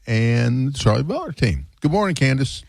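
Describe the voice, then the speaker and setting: Male radio host, conversational and friendly, mid-pitched, dry studio sound. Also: very animated, normal speed, gravelly, a little mellow, no room sound. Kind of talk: casual radio chat.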